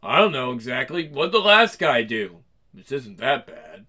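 A man's voice: mid-range voice, very animated, unhurried, bright, forceful tone, exaggerated voice. A man voicing a sardonic, world-weary middle-aged hero in a game cutscene, calling women pet names. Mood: flat. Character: gruff cynical middle-aged male hero.

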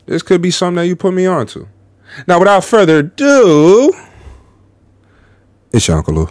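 A man hosting a reaction video, talking in a casual, slangy and animated way with laughing asides, on a close mic. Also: sits high, normal speed, dry recording. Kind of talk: casual commentary.

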